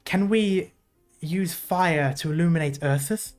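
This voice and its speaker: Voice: mid-range voice, unhurried, darkish tone, faint music behind, natural voice. A streamer voicing a stern male emperor with a put-on British accent, reading a game story aloud in a solemn, formal way. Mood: grave.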